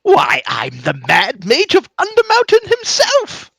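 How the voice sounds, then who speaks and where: A man's voice: very high-pitched, wildly swooping pitch, unhurried, vocal fry, sharp tone, dry recording, studio quality, pitched above the performer's own voice, exaggerated voice. A man voicing an eccentric old male wizard, a flamboyant showman with a theatrical, grandly affected manner. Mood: sly showman.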